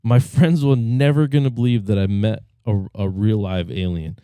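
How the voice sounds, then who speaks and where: A man voicing an excitable, pushy young partygoer as he tells a joke. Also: fairly low pitch, normal speed, smooth, no echo, clean studio sound, lightly acted. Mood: excited.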